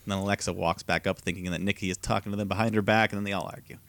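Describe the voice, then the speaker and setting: A man's voice: low voice, fairly even intonation, rapid-fire, vocal fry, a bit bright, dry recording. A man co-hosting a casual podcast, eagerly retelling events play-by-play and laughing often. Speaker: podcast co-host. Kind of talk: casual recap chat.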